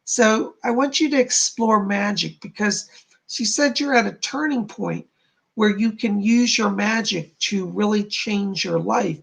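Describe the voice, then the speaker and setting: A man gives live-stream psychic readings in a very gravelly, husky voice. His pitch rises and falls a lot as he chats to viewers and relays what the spirits tell him. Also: a bit bright. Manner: chatty, relays spirit messages and reads viewer comments aloud. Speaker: psychic medium, stream host.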